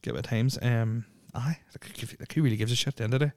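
A man's voice: medium pitch, fairly even intonation, quick pace, no echo. A young Irish man hosting a casual podcast, rambling and swearing constantly, with lots of filler words on a close mic. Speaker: podcast host.

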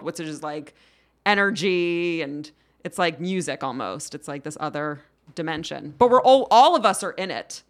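A woman's voice: lowish voice, fairly bright tone. A woman guest on a casual podcast, chatting playfully and sometimes slipping into a mock-formal voice. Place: podcast studio in Queens.

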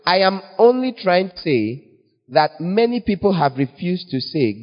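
A man preaching a sermon in a playful, teasing way, with sudden jumps in pitch. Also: sing-song, unhurried. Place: church. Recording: long church reverb, dull lo-fi sound.

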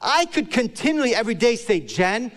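A man preaching a sermon as pastor, telling a playful personal story with acted-out quotes and dropping low and soft for serious points. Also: lively intonation, moderate pace, big-room sound. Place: church service.

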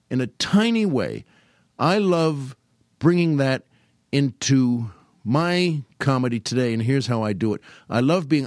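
An older man hosts a podcast, animatedly telling casual stories about old comedy and often slipping into high put-on voices to quote old comedians. The recording is clean studio sound with no echo.

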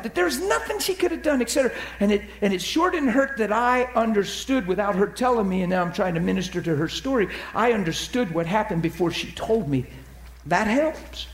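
Animated man preaching in echoey room. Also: sits high. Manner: animated, acts out quotes, drops to soft near-whisper. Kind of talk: storytelling sermon.

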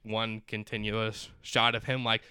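A man's voice: on the low side, level tone, unhurried, pushed and bright, clear, resonant tone, dry recording, clean studio sound. A young man casually recapping a film as a podcast co-host, rambling with lots of fillers and restarts. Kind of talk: casual chat recapping a movie.

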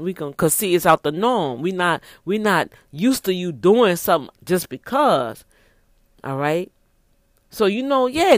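A man's voice: high voice, no room sound, studio quality. A man giving casual, preachy relationship advice to other men, emphatic and repetitive, often restarting his sentences. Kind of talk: casual motivational talk.

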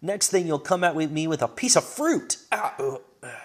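A man reading aloud and voicing an eager young female apprentice, speaking high and excited. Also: moderate pace, slightly rough.

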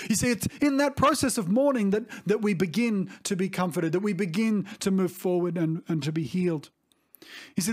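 A middle-aged man preaching a sermon as a pastor, earnest and reflective, often pausing to restate himself. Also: sits high. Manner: earnest, reflective, with frequent restarts and "you see".

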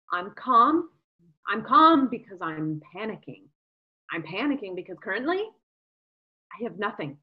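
An actress playing a greedy, entitled young newlywed with profane, theatrical outbursts in a comedic audio drama. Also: female voice, medium pitch, highs cut off.

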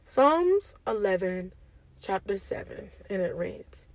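A woman's voice: fairly high pitch, expressive, moderate pace, darkish tone, no echo, poor audio. A woman giving an informal devotional talk to her online community, often asking "okay?" and speaking in a casual, preachy way. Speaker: faith speaker.

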